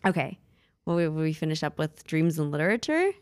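A woman co-hosting a podcast, chatty and excitable, jumping in with reactions and her own stories. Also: low-pitched, clean tone, no room sound, studio quality. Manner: excitable, quick to jump in with gasps and reactions. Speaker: podcast co-host. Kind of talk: casual chat.

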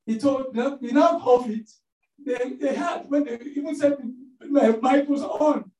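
A man delivers a sermon with a mellow, warm tone. He tells stories in an animated way and fills the gaps with "you know" and "um". His voice carries through an echoey room from a distance. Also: very high-pitched, a little slow. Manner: animated storytelling with many fillers. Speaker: preacher.

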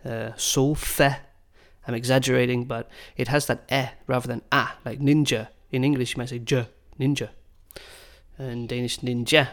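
This is an upbeat, curious man hosting a relaxed podcast conversation. His pitch sits in a middle range, and he often slows down to spell things out clearly. He sounds friendly and engaged with his guest. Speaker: podcast host. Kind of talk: casual podcast chat.

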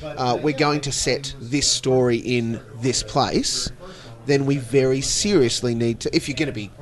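A man's voice: medium pitch, measured pace. Playful Australian man hosting a podcast. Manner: playful, jokey banter. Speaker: podcast host. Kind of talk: casual chat.

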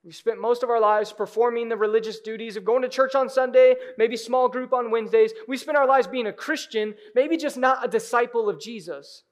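A man preaching a sermon in a church, moving from hushed, intimate moments to loud, urgent cries. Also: extremely high pitch, steady tone, brisk, few pauses. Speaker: pastor. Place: church sanctuary.

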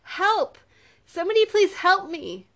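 A woman's voice: mid-range voice, moderate pace, lightly acted. A woman voicing a frightened, ashamed young woman in a storybook reading, pleading and wary. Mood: screaming.

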